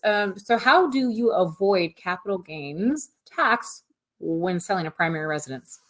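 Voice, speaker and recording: A woman's voice: lowish voice, lively intonation, unhurried, a bit bright. A woman hosting an online event, introducing a speaker in a bubbly, giggly way. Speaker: event host. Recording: faint music behind.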